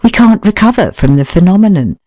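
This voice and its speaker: An audiobook reader narrates a nonfiction book in a measured, expressive manner, briefly voicing short quoted remarks. The medium-pitched voice is recorded at studio quality with no room sound.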